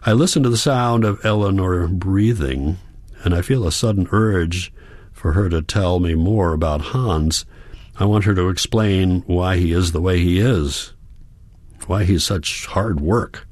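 Audiobook narrator, man, low voice, measured reflective first-person read, dry close sound. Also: a little mellow, dry recording.

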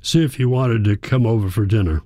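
A man voicing a gruff, awkward father over seventy who speaks in halting, hesitant bits. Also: lowish voice, mellow, no room sound, studio quality, natural voice. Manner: halting, hesitant, few words.

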